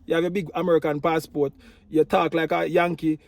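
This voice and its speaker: A middle-aged man from Jamaica talks with a strong Jamaican accent in a casual vlog. His voice sits a little high for a man. He argues his views in an animated, opinionated way and keeps checking in with his listener. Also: fairly quick, creaky. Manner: animated, opinionated, repeats "you know what I mean". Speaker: tour operator vlogger.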